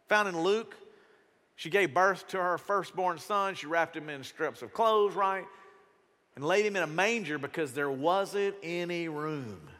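A pastor preaching a sermon in a church auditorium, talking casually and animatedly and slipping into other voices. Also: male voice, high-pitched, bright, forceful tone, long reverb tail.

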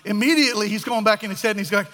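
High, bright-voiced man preaching. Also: racing. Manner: animated, acts out voices of biblical figures. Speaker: pastor. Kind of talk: sermon. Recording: echoey hall.

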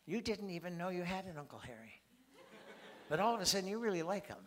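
A man's voice: high voice, fast. A man preaching a sermon, acting out short scenes in different voices. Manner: animated, acts out little scenes with voices. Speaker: pastor.

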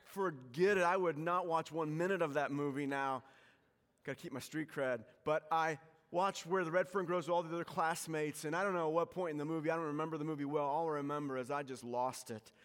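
A pastor giving a sermon in a church, telling stories with self-mocking humor, shifting from loud to hushed. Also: male voice, on the high side, steady tone, a little fast, big-room sound. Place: church sanctuary.

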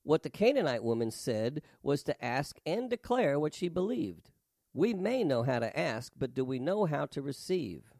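A man's voice: a little high, sing-song, moderate pace, darkish tone, dry recording. Emphatic male preacher, dry close sound. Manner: emphatic, rhythmic delivery with rising stresses. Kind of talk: sermon with scripture reading.

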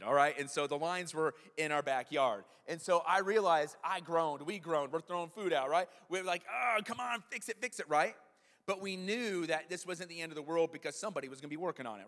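A man's voice: on the high side, fairly bright tone. A male pastor preaching a sermon in a conversational way, often checking in with the congregation with "right?". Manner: conversational preaching, frequent "right?" tag questions. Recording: long hall reverb.

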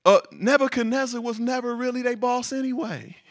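A man preaching a sermon, reading scripture and breaking into animated, laughing asides with repeated words for emphasis. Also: very high voice, fairly quick.

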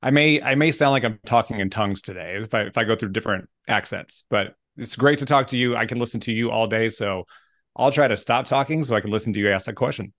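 Man, Southern US accent, low pitch, dry recording, friendly joking storyteller. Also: fast talker, a bit bright, no room sound. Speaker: podcast guest, motivational speaker. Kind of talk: casual interview conversation.

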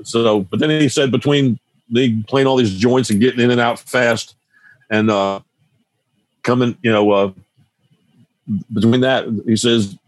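A man's voice: mid-range voice, steady tone, measured pace, long pauses, no room sound. Rambling older man telling stories. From New Jersey. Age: 70s. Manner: rambling, loose, with many restarts and asides. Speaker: musician guest. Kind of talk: casual storytelling.

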